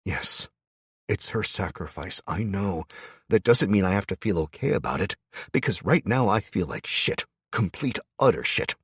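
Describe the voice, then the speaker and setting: A man's voice: sits low, animated, normal speed, husky, no echo, clean studio sound. A man narrating a first-person audiobook in a tense, wry manner.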